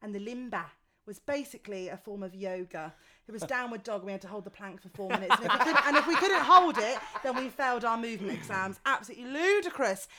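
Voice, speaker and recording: A woman's voice: on the high side, animated, fast talker, crowd noise. A woman with a Birmingham accent, co-hosting a casual chat, asking teasing questions between giggles. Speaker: co-host.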